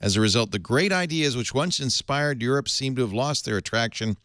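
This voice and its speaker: A man's voice: medium pitch, brisk, fairly bright tone, no echo, studio quality. A man hosting a casual tech panel chat, joking, laughing often and reading quotes aloud. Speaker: podcast host.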